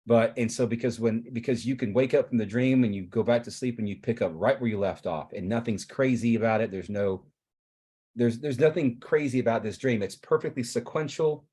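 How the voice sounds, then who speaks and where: A man's voice: medium pitch, fairly quick, mellow, breathy edge. A man on a video call explaining a therapy in an earnest, rambling way, with frequent restarts.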